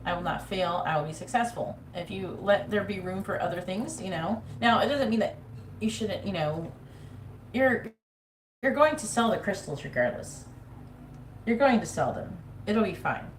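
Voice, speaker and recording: A psychic reader runs a live-streamed tarot session, speaking bluntly, cursing freely, and imitating nagging voices. Her voice is mid-range and animated at a moderate pace, heard in an echoey room with faint ambience and a bit of hiss or hum.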